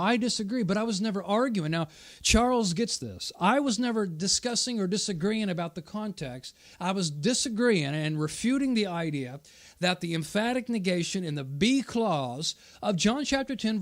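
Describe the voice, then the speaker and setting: A man hosting his own channel, reviewing a debate in casual commentary, arguing at length and answering viewer comments as he goes. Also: sits high. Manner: argumentative, explains at length, repeats points for emphasis.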